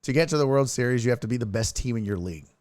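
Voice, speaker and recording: A man's voice: medium pitch, expressive, very fast, darkish tone, no room sound. A man hosting a live sports stream, ranting and laughing his way through tweets in casual, profane chat. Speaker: streaming sports show host.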